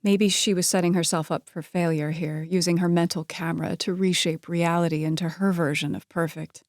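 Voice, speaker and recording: A woman reading a romance novel aloud, narrating in a steady, measured way. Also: lowish voice, no echo, clean studio sound. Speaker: audiobook narrator.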